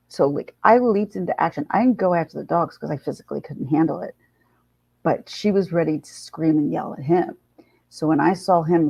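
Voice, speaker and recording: A woman's voice: lowish voice, gravelly, slightly rough, no room sound. A woman hosting a live chat, telling a story in a casual, blunt way and swearing freely. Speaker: livestream host. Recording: dull lo-fi sound.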